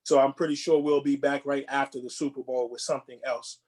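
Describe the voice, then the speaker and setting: A man co-hosting a movie podcast in casual chat, relaxed and rambling, often repeating words and restarting. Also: medium pitch, brisk, breathy edge. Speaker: podcast co-host.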